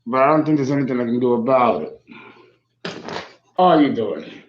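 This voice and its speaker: A man's voice: mid-range voice, moderate pace. Candid man in his fifties, roomy sound. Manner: candid, emotional, profane, meandering. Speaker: astrologer. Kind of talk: casual rambling monologue. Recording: roomy, slightly dull sound.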